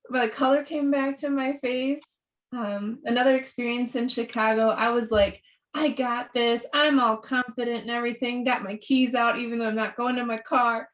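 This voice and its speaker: A woman telling a personal story in an animated way, often laughing, speaking over a video call. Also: a little high, measured pace. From rural upbringing. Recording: distant from the mic.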